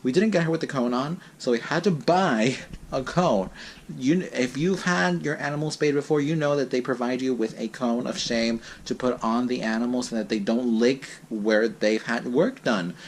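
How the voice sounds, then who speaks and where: Young male vlogger, chatty and dramatic, mid-pitch voice, faint hiss behind. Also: moderate pace. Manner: chatty and dramatic, with restarts and laughs. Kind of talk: casual vlog talk. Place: home.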